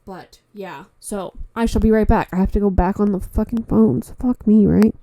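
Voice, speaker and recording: A woman's voice: medium pitch, moderate pace, warm tone. A Canadian woman hosting a casual solo podcast on her phone, tired and stuffy-nosed, rambling frankly and swearing often. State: stuffy nose. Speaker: podcast host. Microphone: phone mic.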